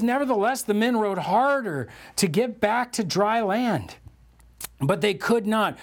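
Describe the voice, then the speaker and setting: A man acting as a pastor delivers a sermon in an animated way, performing the voices of those he quotes. His voice is high-pitched.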